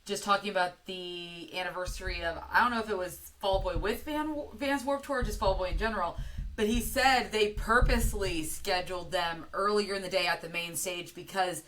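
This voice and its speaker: A woman's voice: mid-range voice, a little fast, a bit bright, rough recording. An American woman co-hosting a podcast in casual chat, eager and full of filler words. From United States. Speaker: podcast co-host.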